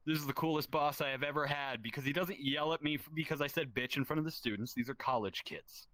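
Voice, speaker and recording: A man telling a self-deprecating stand-up story in a deadpan, profane way. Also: fairly high pitch, fast talker, dry recording. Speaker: stand-up comedian.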